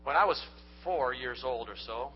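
A pastor of medium pitch preaches at a moderate pace, addressing his congregation earnestly and directly and sharing folksy stories. Soft music plays in the background of the dull, lo-fi recording.

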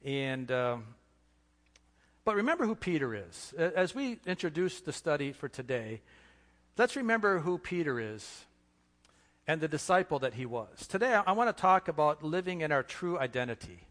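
A man's voice: fairly high pitch, sing-song, fairly bright tone. Earnest preaching man in a reverberant hall. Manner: earnest preaching with slow emphatic pauses and repetitions. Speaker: pastor. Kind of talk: sermon.

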